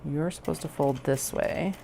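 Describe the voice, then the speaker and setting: A woman's voice: deep voice, measured pace, gravelly, dark tone, a little hiss or hum. A woman chatting to herself as she sews a bag, talking through each step in a casual, self-amused way. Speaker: crafter sewing on stream. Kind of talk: casual sewing narration. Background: sewing machine running.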